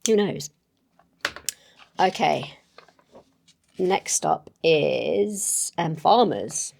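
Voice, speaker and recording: Low gravelly woman thinking aloud. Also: animated, very slow, a little mellow. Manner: hesitant, with many fillers and self-corrections. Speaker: solo tabletop player. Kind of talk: thinking aloud while playing and writing.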